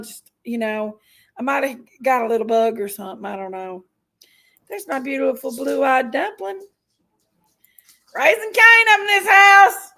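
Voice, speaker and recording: A woman's voice: sits high, creaky, a bit bright, poor audio. A woman hosting a casual livestream, chatty and folksy, greeting viewers by name while feeling unwell with an upset stomach. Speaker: livestream host.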